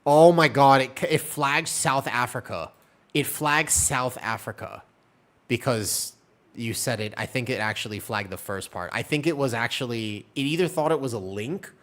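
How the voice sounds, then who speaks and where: A man's voice: medium pitch, normal speed, a bit bright. A man streaming and chatting casually, answering his chat in a rambling, talkative way. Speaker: game streamer.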